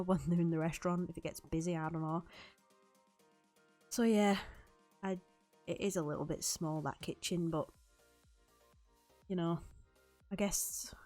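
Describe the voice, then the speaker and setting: A woman's voice: lowish voice, darkish tone. A young woman chatting loosely over a game build, rambling and laughing often. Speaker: YouTube Sims builder. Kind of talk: recorded voiceover over gameplay.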